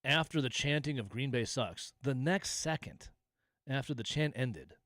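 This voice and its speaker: This sports call-in host has a medium-pitched, expressive, fairly bright voice, captured at studio quality on a studio mic with no echo. His manner is sarcastic and mocking, and he drags his jokes out in long asides.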